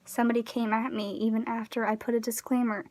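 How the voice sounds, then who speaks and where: Woman ranting into her phone at home, kinda high voice, gets loud then trails off almost whispering. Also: flat delivery, fast talker. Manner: emphatic, rambling, drops to a near-whisper when trailing off. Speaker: vlogger. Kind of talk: casual rant to camera. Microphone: phone camera.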